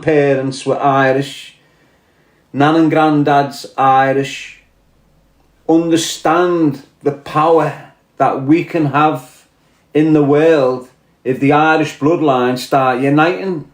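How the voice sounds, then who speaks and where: A man's voice: on the high side, fairly even intonation, slow pace. Heated Scouse man, roomy echo. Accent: Liverpool (Scouse). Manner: blunt, profane, heated and exhorting. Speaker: podcast host. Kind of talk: impassioned monologue to camera. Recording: roomy echoey room.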